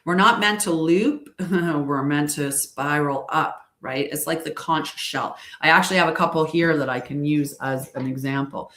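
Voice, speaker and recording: A woman's voice: low-pitched, normal speed, hardly any pauses, a bit bright, roomy sound. A woman leading a group spiritual session, explaining ideas in a conversational way and often checking in with the listener. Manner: conversational, keeps checking in with "right?". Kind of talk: casual spiritual talk.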